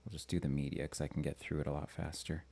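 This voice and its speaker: A man from Minnesota hosting a live-stream commentary show, talking in a halting way with frequent restarts and fillers. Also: extremely low pitch, flat delivery, vocal fry, mellow. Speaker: astrology channel host.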